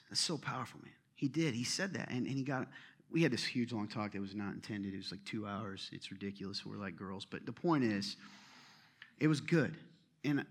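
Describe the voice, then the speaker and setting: A man preaching a sermon as pastor, telling a story with swings from loud exclamations to hushed asides. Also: medium pitch.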